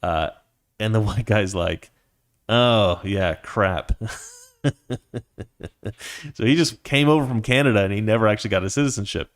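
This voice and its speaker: A man's voice: fairly low pitch, lively intonation, normal speed, long pauses. A man hosting his own commentary show, ranting in a heated, indignant way. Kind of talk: political commentary monologue.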